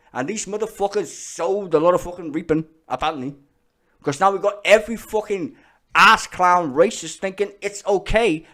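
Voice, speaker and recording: A man's voice: high voice, a bit bright. A young Scouse man ranting over clips in casual, profane, blunt commentary. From Liverpool, England. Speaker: streamer reacting to videos.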